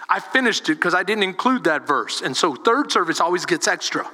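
A man preaching a sermon as a pastor, animated and calling on the congregation for responses. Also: high voice, fairly quick, hardly any pauses, long reverb tail.

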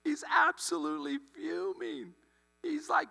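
Animated high-voiced pastor preaching. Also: male voice, a little slow, faint music behind. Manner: animated, acts out characters' lines. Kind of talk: sermon storytelling. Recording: long hall reverb with mains hum.

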